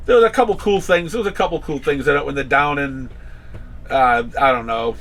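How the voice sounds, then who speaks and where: A man's voice: a little high, brisk, gravelly, fairly bright tone, slight background noise. A man hosting a casual podcast chat, rambling through stories with many restarts and acting out quotes. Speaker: comic shop owner and podcast host.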